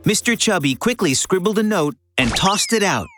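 Expressive children's story narrator, woman. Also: mid-range voice, moderate pace, music in the background.

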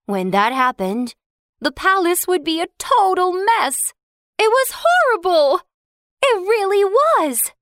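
A woman narrating a children's storybook in an expressive, slow storytelling manner. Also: very high voice, no echo, clean studio sound. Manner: expressive, slow, sing-song.

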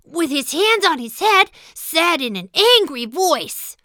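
Whiskers, a sulky baby mouse. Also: female voice, very high voice, big pitch swings, slow, bright, forceful tone, dry recording, clean studio sound, exaggerated voice. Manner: sulky, sighing, then giddy. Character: unhappy little boy mouse, grumbling and playful. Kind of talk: first-person storybook narration.

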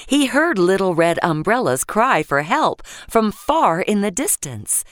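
A woman narrating a children's bedtime story gently and expressively, voicing the sound effects. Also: mid-range voice, big pitch swings, unhurried, no echo, clean studio sound.

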